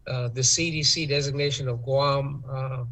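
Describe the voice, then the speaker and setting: Male guest, measured and hesitant delivery, average pitch. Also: fairly even intonation, fairly bright tone, poor audio. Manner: hesitant, lots of ums and uhs, measured. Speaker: interview guest, tourism official. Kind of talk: talk-show interview.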